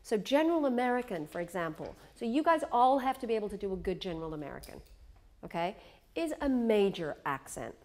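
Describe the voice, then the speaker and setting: Coach leading a workshop. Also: female voice, mid-range voice, very animated, a little fast, a little mellow. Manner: chatty, self-deprecating, demonstrates sounds. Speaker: accent coach. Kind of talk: workshop teaching.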